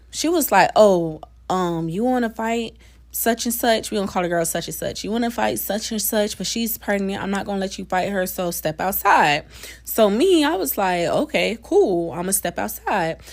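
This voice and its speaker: Woman spilling a story to her followers, kinda low voice, blunt, cusses a lot, talks right at you. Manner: chatty and blunt, swears freely, talks straight to listeners. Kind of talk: casual storytime to camera.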